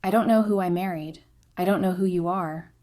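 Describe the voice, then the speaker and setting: A woman voicing a heartbroken husband who speaks low and evenly, with a quietly cutting edge. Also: brisk, natural voice. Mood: bitter, low. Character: heartbroken betrayed husband, calm turning bitter.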